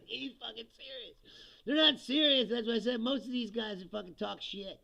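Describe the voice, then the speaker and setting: A man's voice: sits high, expressive, a little slow, vocal fry, long pauses, bright, forceful tone, dull audio. A man hosting a livestream, ranting casually about politics, laughing often and mocking people in put-on voices. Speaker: livestream host.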